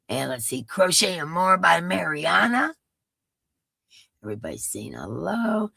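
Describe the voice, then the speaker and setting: A woman's voice: lowish voice, big pitch swings, unhurried, vocal fry, bright, forceful tone, slightly rough, no room sound. A woman with a stuffy, congested nose hosts a live stream, chatting and greeting her viewers one by one. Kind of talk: casual chat with viewers.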